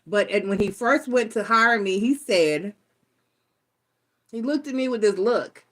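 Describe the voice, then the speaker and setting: A woman's voice: fairly high pitch, unhurried. A woman giving a casual live tarot reading, blunt and profane, rambling through stories as she talks. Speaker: tarot reader.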